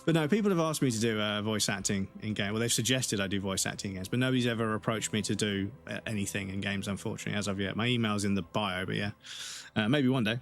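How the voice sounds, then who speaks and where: A man's voice: fairly low pitch, quick pace. A man with a southern English Received Pronunciation accent, chatting casually on a live game stream, swearing freely and restarting his sentences.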